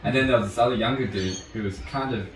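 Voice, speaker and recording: A man's voice: mid-range voice, fast talker. A young man telling a story in casual conversation, rambling, swearing freely and laughing often. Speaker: martial arts instructor guest. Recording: roomy, distant mic, background noise.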